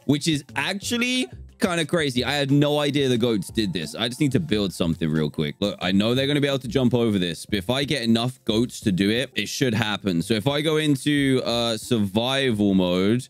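A man giving excitable Minecraft gameplay commentary, laughing often and talking to the game's animals. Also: mid-range voice, fairly quick. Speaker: gaming YouTuber.

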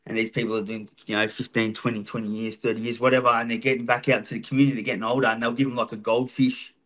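A man's voice: medium pitch, level tone, racing, fairly bright tone. An Australian man telling stories casually as a podcast guest, swearing freely. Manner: swears freely, laid-back. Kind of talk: casual storytelling.

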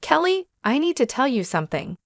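Brief: woman reading a cool, condescending husband, flat, dry sound. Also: high-pitched, brisk, dry recording, voice pushed up, full character voice. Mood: curt. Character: dismissive calm man, the narrator's husband.

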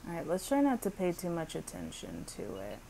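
A woman's voice: fairly low pitch, huge pitch swings, brisk, creaky, mellow, slight background noise, poor audio. A woman giving casual gameplay commentary, blunt and exasperated, swearing freely as she reacts. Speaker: gaming video creator.

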